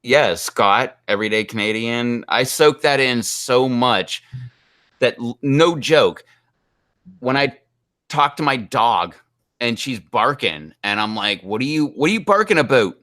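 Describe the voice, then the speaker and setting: A man's voice: medium pitch, lively intonation, unhurried, sharp tone. A man from Pittsburgh with a Pittsburgh accent, hosting a live stream in casual, chatty talk and laughing often. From Pittsburgh, US East Coast. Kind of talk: casual chat.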